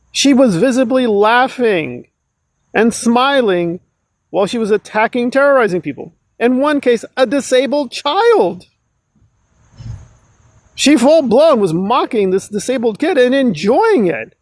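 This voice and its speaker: Male commentator, sarcastic and emphatic, high voice that swings all over, dry close sound. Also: no room sound. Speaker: online commentator. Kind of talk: ranting commentary.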